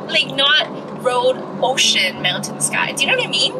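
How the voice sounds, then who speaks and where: A woman's voice: high voice, sing-song, moderate pace, noisy background. A woman travel vlogger talking casually to her viewers from a car while she drives, giddy and emotional. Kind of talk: casual vlog talk to camera.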